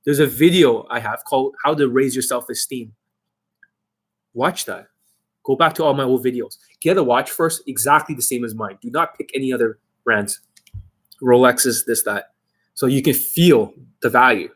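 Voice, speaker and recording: A man's voice: mid-range voice, slightly rough. A man working as a dating coach, ranting aggressively and profanely on a livestream.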